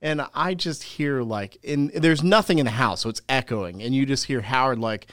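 A man co-hosting a loose, casual podcast, telling meandering anecdotes laced with crude humor. His pitch sits mid-range. The sound is dry and close. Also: lively intonation, normal speed, few pauses, clear, resonant tone, dry recording. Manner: rambling storyteller, crude jokes. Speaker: podcast co-host.

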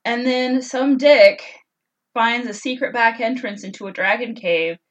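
A woman's voice: fairly high pitch, measured pace, rough recording. Chatty joking woman retelling a story. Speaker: podcast co-host. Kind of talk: casual chat retelling a story.

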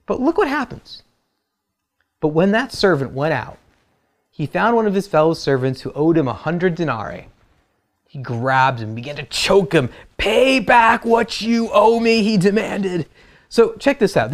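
A man preaching a sermon, who retells the story in a casual, humorous way. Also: sits high. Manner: conversational and humorous, acts out quotes. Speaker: pastor.

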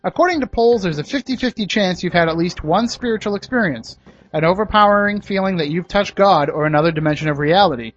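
A man's voice: high-pitched, fast talker, dull audio. Chatty man host reading news. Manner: chatty, adds personal opinions and jokes. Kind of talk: casual news chat.

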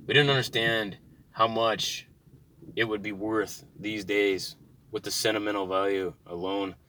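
A man in his thirties ranting in a car, heated and animated, swearing constantly. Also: lowish voice, a little slow, a little hiss or hum. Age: 30s. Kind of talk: profane ranting monologue. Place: inside a car.

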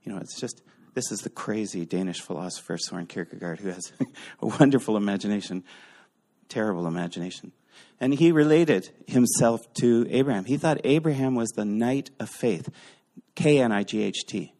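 A man teaching a casual Bible lecture, lively and thinking aloud with fillers and restarts. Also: lowish voice, normal speed.

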